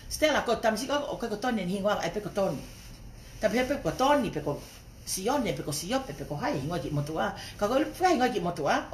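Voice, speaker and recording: A woman vents on a livestream, heated and foul-mouthed. Her voice sits at an ordinary middle pitch. The room around her rings with a noticeable echo. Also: slight background noise. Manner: angry, profane, keeps tagging lines with "he?".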